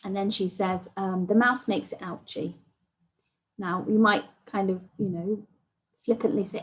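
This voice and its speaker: A woman presenting an online training session, explaining patiently and often softening points with "sort of" and "kind of". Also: mid-range voice, steady tone, normal speed, low-quality recording.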